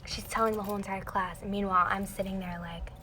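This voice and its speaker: A woman's voice: medium pitch, fast talker, a little hiss or hum. A young woman telling a dramatic story to fans in a casual livestream, talking animatedly and saying "like" a lot. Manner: dramatic, animated, heavy use of "like". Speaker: singer answering fans on a livestream.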